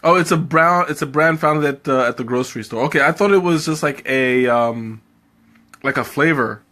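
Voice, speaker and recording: A man's voice: on the high side, normal speed, bright, forceful tone. A man hosting a live tea tasting, chatting casually with viewers, laughing often and thinking aloud. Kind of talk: casual live-stream chat, answering viewer comments.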